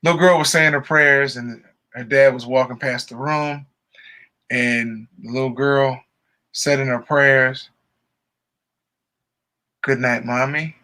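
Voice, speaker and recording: A man co-hosting a podcast, chatting casually and telling a joke with lively, laughing delivery. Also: medium pitch, unhurried. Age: adult father. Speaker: podcast co-host. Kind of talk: casual chat.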